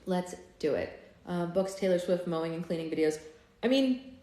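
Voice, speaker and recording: A woman's voice: lowish voice, lively intonation, normal speed, dark tone. A woman hosting a live book club, chatting casually and reading a novel aloud with offhand asides. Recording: echoey room.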